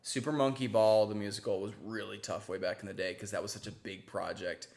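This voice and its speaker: A man's voice: lowish voice, fairly even intonation, brisk, vocal fry, darkish tone. Chatty man hosting a live stream. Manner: chatty, giggly, reads out viewer questions. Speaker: host. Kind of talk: casual live-stream chat.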